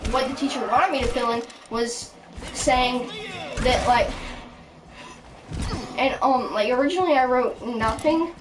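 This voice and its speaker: A woman's voice: high-pitched, background noise. A woman telling a casual storytime rant, rambling with many restarts and fillers, sounding indignant. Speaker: storytime vlogger. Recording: voice from a distance with clear background music.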